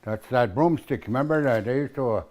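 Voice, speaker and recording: A man's voice: mid-range voice, fairly quick, a little mellow. A man teaching a language class in a casual way, repeating words and spelling them out, often asking "eh?".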